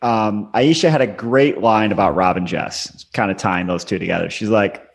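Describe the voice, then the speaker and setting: A man's voice: lowish voice, moderate pace, gravelly. A man co-hosting a casual podcast chat, adding dry asides and show plugs. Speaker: podcast co-host.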